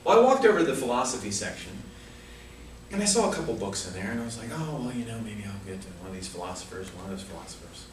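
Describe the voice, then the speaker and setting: In a club meeting room, a man delivers a prepared humorous speech at a speaking club, telling a story with comic asides. His lowish voice is very animated and fast. The recording is echoey and distant, with a little hiss or hum.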